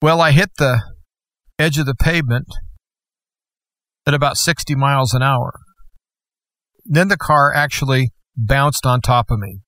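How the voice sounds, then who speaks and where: A man telling a personal testimony in an earnest, deliberate storytelling manner. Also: mid-range voice, a bit bright, no echo.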